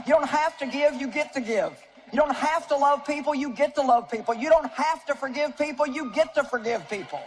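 A woman's voice: on the high side, a little fast. Older woman in her 70s, from Missouri, preaching on stage: folksy, joking, plain-spoken, with faint room noise behind. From Missouri, United States. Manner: folksy, humorous storytelling with audience asides. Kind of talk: sermon to a live audience. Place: stage before an audience.

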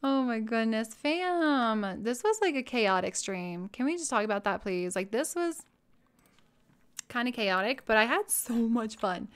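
A bubbly young woman streaming from home, chatting with her viewers in a fairly high voice. She gushes over things she likes and jumps from one thought to the next. Her talk is casual and personal, close on a desk mic. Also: unhurried, clear, resonant tone. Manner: bubbly, gushing, easily excited. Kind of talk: casual live-stream chat.

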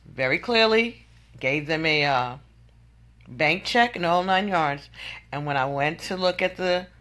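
Woman vlogger, venting monologue, exasperated and incredulous, bright forceful tone. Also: deep voice, lively intonation, unhurried.

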